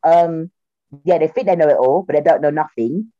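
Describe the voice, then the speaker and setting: A young woman with a South London accent, a comedian chatting in an interview, animated and laughing often. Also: low voice, normal speed, dry recording, highs cut off. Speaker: guest, comedian. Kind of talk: casual interview chat.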